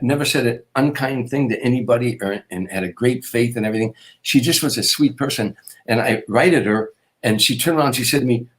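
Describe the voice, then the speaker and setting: A man in his sixties, a comedian guest, telling a long personal story in an earnest, rambling way. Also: mid-range voice. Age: 60s. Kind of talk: storytelling interview.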